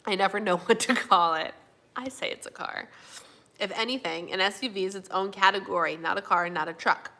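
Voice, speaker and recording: A woman hosts a relaxed live stream and reads out comments from her viewers. Her voice is bright and forward, with a loose, chatty delivery full of "um"s and "like"s. She slips in an easygoing "y'all" now and then. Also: mid-range voice, a little fast. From Minnesota, USA. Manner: chatty, fillers and yawning, says y'all. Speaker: livestream host. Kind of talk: casual live chat reading viewer comments.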